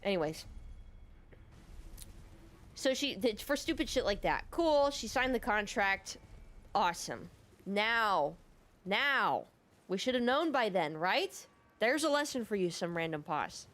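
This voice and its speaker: A woman's voice: medium pitch, very animated, unhurried, long pauses, fairly bright tone. Profane rambling woman gamer storyteller. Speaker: gaming video creator. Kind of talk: casual storytelling over gameplay.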